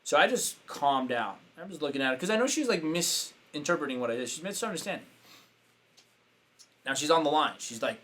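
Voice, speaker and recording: A man hosting a coaching show, telling a story in a casual, animated way, with many "like" fillers. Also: a little high, fairly quick. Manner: animated, acts out quoted voices, frequent "like" fillers. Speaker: business coach and show host.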